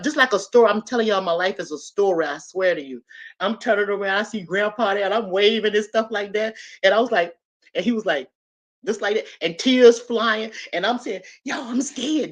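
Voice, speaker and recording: This is a woman, telling a story from her own life. She talks in an animated way and speaks straight to her listeners. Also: mid-range voice. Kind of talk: personal storytelling to an audience.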